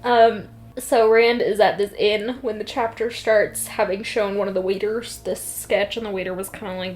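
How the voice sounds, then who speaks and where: A woman co-hosting a casual book podcast, recapping chapters in an animated, jokey way. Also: medium pitch, moderate pace. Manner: lively recapping with laughs and silly voices. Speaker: podcast co-host. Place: apartment room with landscaping outside. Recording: faint yard noise outside.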